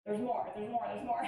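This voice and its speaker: A woman's voice: medium pitch, darkish tone, slight background noise. A woman leading a live online workout class, calling out moves in an upbeat coaching manner and laughing often. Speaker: fitness instructor. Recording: very echoey room, voice far from mic.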